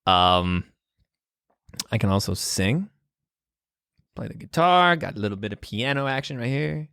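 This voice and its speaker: A man's voice: on the low side, expressive, unhurried, vocal fry, a bit bright, clear, resonant tone, no room sound. Rambling young man, dry close sound. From Wisconsin, US. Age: 20s. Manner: rambling and hesitant, many ums and restarts, laughs often. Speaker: podcast host. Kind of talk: casual solo podcast monologue. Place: room at home with guitars on the wall.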